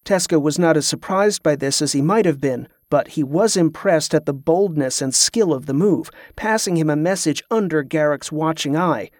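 A man narrating a novel as an audiobook, in a steady, even storytelling manner. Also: on the high side, moderate pace, hardly any pauses, dry recording, studio quality.

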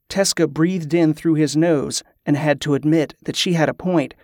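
A man narrating a fantasy novel in a steady, measured way. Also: a little high, dry recording, clean studio sound. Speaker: audiobook narrator.

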